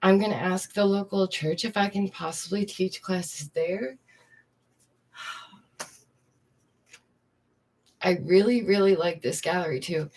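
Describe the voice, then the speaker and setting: Chatting with viewers from indoors at home, this young art teacher and streamer laughs often and greets people directly. Her slightly mellow voice sits on the low side, moving at a moderate pace with few pauses.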